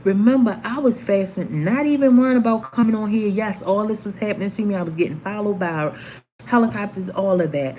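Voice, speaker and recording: A woman in her forties tells a personal story on a livestream, speaking at a medium pitch and a brisk pace. As host, she is animated and acts out the voices of the people in her tale. There is slight background noise.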